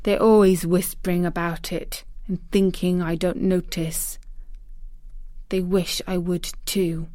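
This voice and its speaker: A woman voicing a sickly, resentful young boy in a storybook reading, lifting her pitch for his complaints. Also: flat delivery, slow pace, warm tone, no echo. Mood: sulky.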